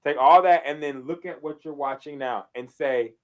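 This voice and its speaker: A man with a high voice riffs in a casual sports podcast chat. He talks in animated bursts that turn loud, and he swears freely. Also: normal speed. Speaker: podcast co-host.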